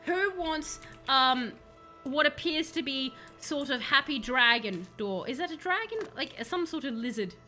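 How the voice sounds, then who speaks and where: Bright high-voiced chatty woman streamer. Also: expressive, measured pace, faint music behind. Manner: chatty, rambling, playful joking asides. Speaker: game streamer. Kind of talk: casual live-stream chat while playing.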